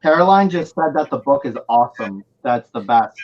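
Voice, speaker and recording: A man on a casual livestream, chiming in with quick reactions. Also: medium pitch, animated, a crowd in the background. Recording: dull lo-fi stream audio.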